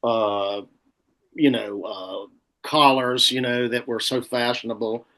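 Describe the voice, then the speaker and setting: A man hosting a casual podcast chat, teasing his friend and pausing on drawn-out fillers. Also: mid-range voice, fairly even intonation, a bit bright. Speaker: podcast host.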